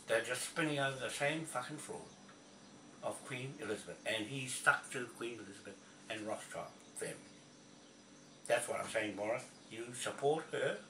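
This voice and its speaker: A man from New Zealand rants bluntly, swearing and repeating himself as he talks. His voice is bright and sharp. He sits back from the mic in a roomy, echoey space with faint ambient noise. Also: medium pitch, distant mic. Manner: blunt, profane, repetitive ranting. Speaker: video blogger. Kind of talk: angry ranting monologue.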